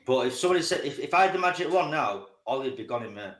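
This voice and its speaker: A man speaks as a guest on a football chat show, hammering home blunt, emphatic opinions at a middle pitch. His voice carries the echo of a bare room around him. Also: expressive, very fast, a bit bright. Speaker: guest pundit.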